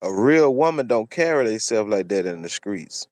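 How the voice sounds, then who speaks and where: A commentary channel host offers opinionated solo commentary, preachily repeating phrases and points for emphasis. His voice is fairly low, expressive and darkish, at normal speed, with no room sound.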